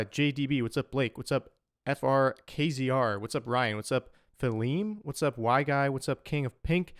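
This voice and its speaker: Chatty young man with a smooth, dry voice. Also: medium pitch, no room sound. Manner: chatty, greets viewers by name, loose and rambling. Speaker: streamer and musician. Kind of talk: casual livestream chat.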